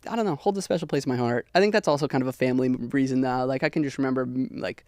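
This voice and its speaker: A man's voice: mid-range voice, rapid-fire, a little mellow, no room sound, studio quality. A young man, a podcast guest, chatting casually and telling rambling stories with many likes and ums. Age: young adult. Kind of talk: casual chat.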